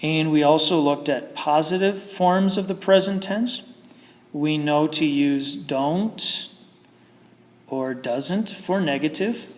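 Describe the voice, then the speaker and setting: A man's voice: on the high side, takes it slowly, in a large hall. A man teaching English grammar in a patient, explaining manner with frequent fillers. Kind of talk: recorded grammar lesson.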